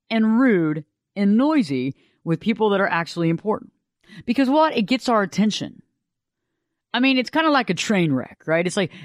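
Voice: medium pitch, no echo, studio quality. A radio talk show host, delivering a folksy, conversational monologue.

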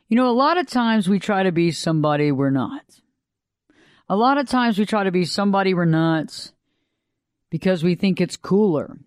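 A woman with a lower voice than she'd like, giving an unhurried, reflective motivational talk that repeats phrases and asks the listener questions. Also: a little mellow, dry recording, clean studio sound. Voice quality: lower voice than she wished for. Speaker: motivational speaker.

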